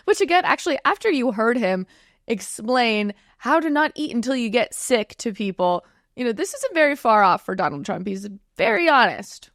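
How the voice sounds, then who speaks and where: A woman's voice: mid-range voice, no echo, clean studio sound. Chatty woman hosting a commentary show. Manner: chatty and sarcastic, laughs often. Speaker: host of a political commentary show. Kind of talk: casual commentary.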